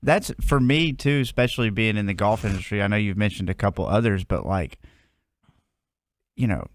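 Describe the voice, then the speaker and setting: A man who is a golf instructor, talking as a guest in a halting, casual way with many fillers. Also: fairly low pitch, lively intonation. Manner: halting, lots of filler phrases. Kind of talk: casual business chat.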